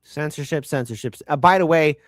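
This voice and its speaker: A man hosting a political commentary show, ranting in a mocking, crude and sarcastic way with shouted jabs. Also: a little high, brisk, no room sound, clean studio sound. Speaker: show host.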